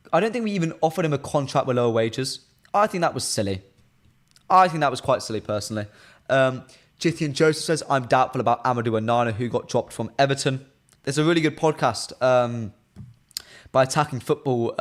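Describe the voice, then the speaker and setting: A young man presenting a live football fan stream, chatting casually in an opinionated way and reading out viewer comments between frequent "um"s. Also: medium pitch.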